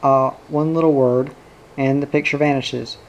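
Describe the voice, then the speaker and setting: A man's voice: medium pitch, steady tone, moderate pace, slight background noise, lightly acted, low-quality recording. A man voicing a jovial, tipsy middle-aged father who talks in a boisterous, florid, sing-song way.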